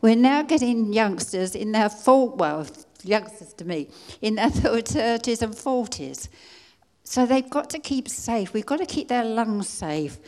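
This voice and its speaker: An older woman from England giving an earnest personal testimony at a conference, pleading and halting now and then as she restarts her words. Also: on the high side, lively intonation, a little mellow. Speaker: conference speaker. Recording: long hall reverb.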